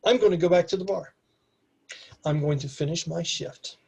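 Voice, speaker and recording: A woman's voice: lowish voice, moderate pace, vocal fry, darkish tone, husky. A man voicing a sassy, furious young barmaid who gives threatening orders. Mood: sarcastic.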